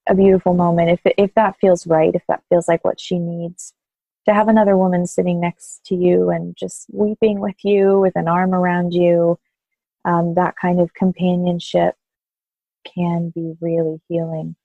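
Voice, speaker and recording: A woman postpartum doula speaking thoughtfully and gently in an interview, with soft laughs. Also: on the low side, vocal fry, no echo, low-quality recording. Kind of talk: interview conversation.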